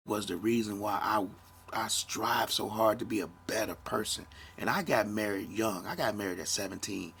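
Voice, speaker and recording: A man's voice: medium pitch, gravelly, husky. A man, hosting a solo podcast and talking candidly and reflectively, with a dry throat and moments where he grows emotional. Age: 50s. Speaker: podcast host.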